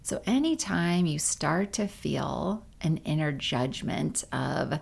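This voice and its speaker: A woman leading a guided meditation in a gentle, unhurried way, with casual fillers along the way. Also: low-pitched, expressive, gravelly, husky.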